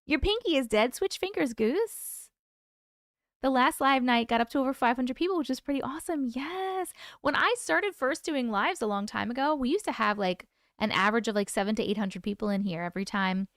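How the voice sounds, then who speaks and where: A woman's voice: high-pitched, lively intonation, fairly quick, a bit bright, no room sound, studio quality. A woman hosting a casual livestream, reading out viewer comments and greeting people by name in a chatty, affectionate way. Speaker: livestream host.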